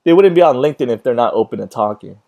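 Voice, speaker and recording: A man's voice: medium pitch, expressive, racing, creaky, warm tone. Guy hosting an interview, laid-back and chatty, mid voice. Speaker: host. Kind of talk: casual interview chat.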